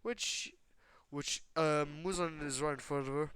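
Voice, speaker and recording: A man's voice: on the high side, steady tone, moderate pace, a bit bright, clean tone. A man casually narrating a fan-made what-if story, rambling with fillers and swearing.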